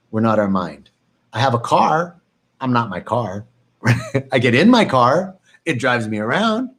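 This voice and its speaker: Calm man leading a meditation talk. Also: medium pitch. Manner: calm, reflective, repeats phrases, swings into animated mock panic. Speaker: meditation teacher. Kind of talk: spoken meditation talk on a live stream.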